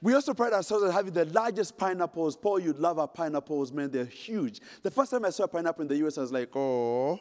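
A middle-aged Ugandan man delivers a conference keynote in a large hall, his fairly high, slightly mellow voice moving quickly and expressively with hardly any pauses. He tells a dramatic, joke-filled story and speaks straight to the audience. The recording carries long hall reverb.

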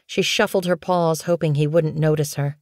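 A woman with a low voice reads a storybook aloud in an even, clear way. The sound is close and very dry, as in a studio booth. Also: normal speed, dry recording. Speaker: audiobook narrator. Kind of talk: scripted storybook narration.

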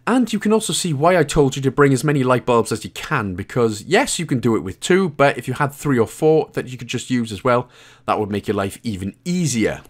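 This Welsh man hosts a game walkthrough, joking around in casual commentary and laughing now and then while sounding out of breath. His mid-range voice moves with lively intonation at a fairly quick clip.

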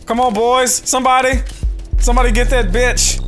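A man doing live gameplay commentary, excitable and profane, trash-talking and yelling at opponents. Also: very high voice, normal speed. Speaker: gaming YouTuber. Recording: game music under the voice. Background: video game music and sound effects.

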